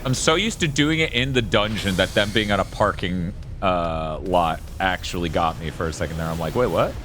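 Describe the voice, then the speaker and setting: A man's voice: sits low, moderate pace. A man streaming a video game, rambling casually, swearing and joking as he plays. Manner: rambling, swears freely, jokes with chat. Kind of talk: casual gameplay commentary. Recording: voice over loud game music.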